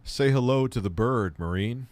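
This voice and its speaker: A man's voice: medium pitch, normal speed, a little mellow, no echo. A young man chatting casually on a stream, joking, swearing and bantering with his pet bird. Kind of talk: casual livestream chat.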